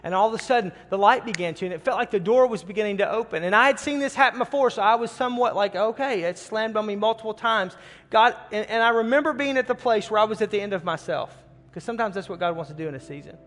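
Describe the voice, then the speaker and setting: A man's voice: high voice, quick pace, fairly bright tone, big-room sound. A middle-aged man preaching, telling a personal story in an earnest way and often repeating words as he starts a phrase. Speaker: pastor. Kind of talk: sermon storytelling.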